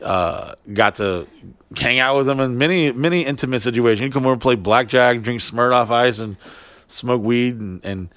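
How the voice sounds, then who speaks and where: A man in his thirties, a podcast guest, tells a long party story in casual chat, rambling, swearing a lot and saying "like" constantly. His mid-range voice is fairly bright, at a moderate pace, with no room sound.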